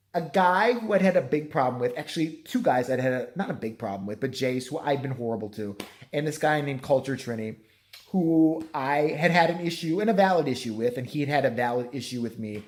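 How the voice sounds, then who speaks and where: A hoarse man talks straight to his camera at home, his voice worn from yelling. He rambles through a profane, self-mocking apology. His pitch swings widely as he goes. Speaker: vlogger.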